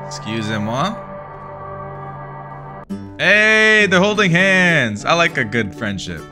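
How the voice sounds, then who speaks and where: Dude doing let's play commentary, fairly high voice, all over the place, excitable. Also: male voice, slow pace, music in the background. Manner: excitable, swings between mutters and yelps, mild minced swears. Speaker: gaming YouTuber.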